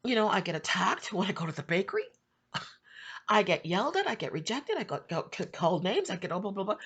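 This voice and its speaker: A middle-aged woman giving an emotional personal testimony for her channel, repeating herself and rising to high pleading cries. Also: sing-song, fast talker, a bit bright, slightly rough. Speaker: Christian YouTube prophetic channel host.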